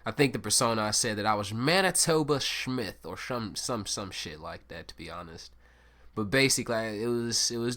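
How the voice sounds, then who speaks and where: A man's voice: fairly low pitch, lively intonation, moderate pace, bright, forceful tone. A young man hosting a solo podcast, rambling and swearing through a casual story with self-mocking asides. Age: young adult. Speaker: podcast host.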